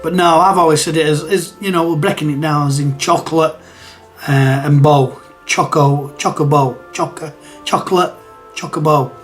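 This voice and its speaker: A man's voice: on the high side, steady tone, normal speed, fairly bright tone, soft background music. A man hosts a retro gaming channel and talks casually to camera, rambling and hesitant, with many restarts and chuckles.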